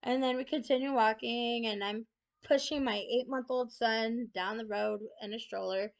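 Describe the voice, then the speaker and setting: Young woman, student, casual storyteller with a gravelly, fry-heavy, slightly high voice. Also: fairly even intonation, moderate pace. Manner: chatty, repeats "I'm like".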